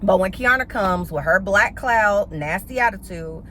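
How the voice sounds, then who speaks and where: A woman's voice: medium pitch, measured pace, a little hiss or hum. Woman recapper, blunt and sassy, profane, chatty vlog delivery, mid-range voice. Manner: animated, with playful slang. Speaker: YouTube reality TV recapper. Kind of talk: casual episode recap commentary.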